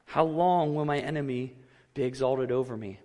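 A man preaching a sermon, earnest and measured, his voice rising when he quotes cries of anguish. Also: mid-range voice, steady tone, darkish tone, in a large hall. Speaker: pastor.

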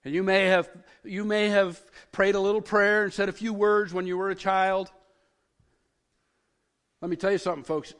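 A man preaching a sermon as pastor, getting excited and repeating words as he builds up. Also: high voice, big-room sound.

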